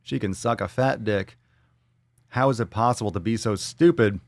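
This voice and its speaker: Guy ranting on a fitness livestream, swears a lot, sarcastic, lowish voice, dry close sound. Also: normal speed, gravelly, no room sound. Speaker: fitness show host. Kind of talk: live-stream commentary reading viewer comments.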